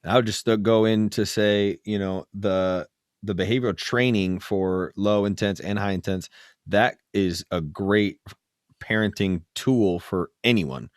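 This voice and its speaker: A man's voice: on the low side, unhurried, no echo, clean studio sound. A man co-hosting a podcast, chatting casually as a parent and agreeing with his co-host. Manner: conversational, agreeable, short affirmations.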